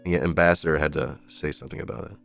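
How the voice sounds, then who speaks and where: Deep-voiced man doing sarcastic news commentary. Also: fairly even intonation, quick pace, gravelly, fairly bright tone, soft background music. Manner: sarcastic, profane asides while reading headlines. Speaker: live stream host. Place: streaming setup.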